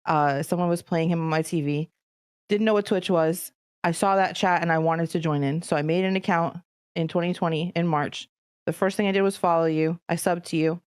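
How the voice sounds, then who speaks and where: A woman's voice: on the low side, fairly even intonation, a little fast, a little mellow, clean tone, no echo. A woman co-hosting a casual podcast, speaking heartfelt and close to tears. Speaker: podcast co-host.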